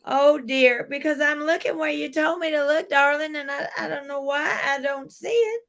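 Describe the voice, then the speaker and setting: A woman's voice: high-pitched, moderate pace, gravelly, fairly bright tone. A woman playing a gushing Southern country singer with a put-on drawl who calls everyone darling, in an improv sketch. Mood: flustered. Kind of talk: live online improv comedy.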